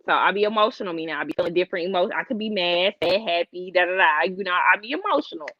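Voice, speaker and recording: Animated woman chatting on a dull mic. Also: lowish voice, racing, dry recording. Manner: animated, emotional, talks to viewers as y'all. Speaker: co-host. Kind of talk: casual chat.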